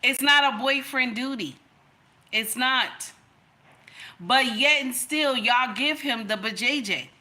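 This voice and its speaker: Bright-voiced emphatic woman commentator. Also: high voice, takes it slowly. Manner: emphatic, repeats phrases for effect, preachy. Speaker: reaction video host. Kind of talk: casual commentary.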